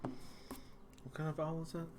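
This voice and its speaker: A man co-streaming while he draws, making dry deadpan jokes in casual chat. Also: fairly high pitch, slow, noisy background. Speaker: co-streaming artist.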